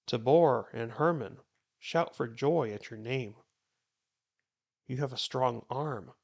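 A man reads scripture aloud at an unhurried, deliberate pace. His voice has a gravelly edge, and the delivery stays steady and measured throughout. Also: medium pitch, highs cut off. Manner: slow, measured reading. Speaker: Bible reading host. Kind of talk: prayer and scripture reading.

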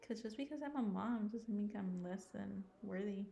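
A woman in her thirties talks casually on a podcast, relaxed and playful and quick to laugh. Her voice sits in a middle range, and the room gives it a noticeable echo. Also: mid-range voice, creaky, dull audio. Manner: easygoing and playful, laughs often. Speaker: podcast co-host. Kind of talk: casual chat.

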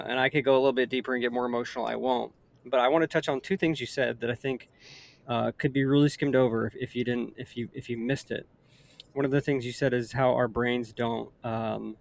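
A man's voice: medium pitch, little pitch movement, brisk, gravelly. A man in his thirties chatting earnestly in a casual conversation, rambling with frequent restarts.

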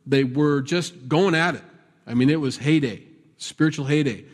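A man preaching a conversational sermon, animated and self-deprecating, swinging between loud bursts and quiet asides. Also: on the high side, normal speed. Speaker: pastor. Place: church sanctuary. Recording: church sanctuary with long reverb.

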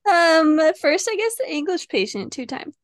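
A woman with a high voice co-hosting a casual podcast, giving short, relaxed replies and guessing aloud. The sound is close and dry. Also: moderate pace, no room sound. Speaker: podcast co-host. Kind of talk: casual game chat.

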